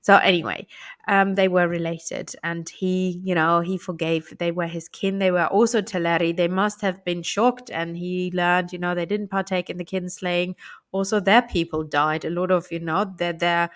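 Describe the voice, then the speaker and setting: A woman co-hosting a casual chat, talking with many fillers and quick affirmations. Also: fairly low pitch, fairly even intonation. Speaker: co-host discussing Tolkien lore.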